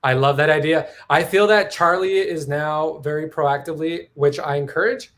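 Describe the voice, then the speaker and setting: Guy hosting a video call stream, bit higher voice, chatty, lots of restarts. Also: steady tone, normal speed, a bit bright. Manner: chatty, thinks aloud with restarts. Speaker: live stream host. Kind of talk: casual chat.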